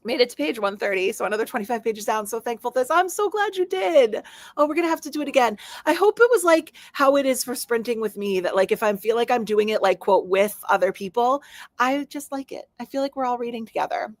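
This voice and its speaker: A woman's voice: on the high side, lively intonation, quick pace, no echo. A woman hosting a live stream from home, reading viewer comments aloud and chatting in a bubbly, friendly way. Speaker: livestream host.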